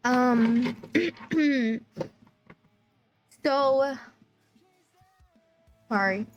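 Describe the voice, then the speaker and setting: A woman's voice: sits high, a little slow, pauses often, faint music behind. A woman streamer chatting casually about a sad trip story, tearful, laughing through tears and full of "like" fillers. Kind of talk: casual chat.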